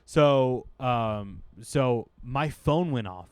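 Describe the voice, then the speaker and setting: A man's voice: medium pitch, very slow, clear, resonant tone, no room sound. A man, a guest comedian, telling a wild story in casual chat, rambling and acting out what people said. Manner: rambling, animated, acts out quotes.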